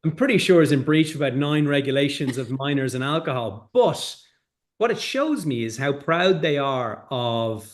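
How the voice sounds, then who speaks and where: A man's voice: mid-range voice, lively intonation, normal speed. A man, the guest in a casual interview, talking in long rambling runs with restarts and "right?" tags. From Ireland. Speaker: guest, whiskey company founder.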